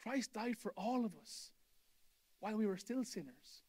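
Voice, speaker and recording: A man with a notably high voice delivers a sermon as a pastor. He preaches with emphasis, circling back to the same phrases again and again to drive his point home. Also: moderate pace, a little mellow. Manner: emphatic, repeats key phrases for effect. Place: church hall.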